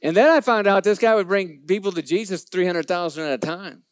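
A man speaking to a live audience in a storytelling, sermon-like talk, animated and playful, acting out the lines of the people in his story. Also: high-pitched, fairly quick, smooth, no echo. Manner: animated, acts out quoted dialogue, playful asides to the crowd. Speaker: Christian business speaker.

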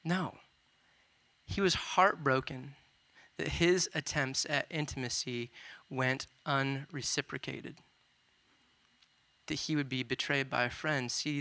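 Bright-voiced man preaching a casual sermon. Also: medium pitch, vocal fry. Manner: conversational, animated, retells scripture casually with asides.

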